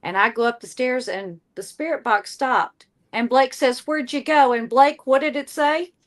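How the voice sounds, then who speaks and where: A woman with a Southern accent, a podcast guest telling loud, animated stories with playful put-on voices. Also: a little high, normal speed. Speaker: podcast guest, paranormal investigator. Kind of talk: casual chat.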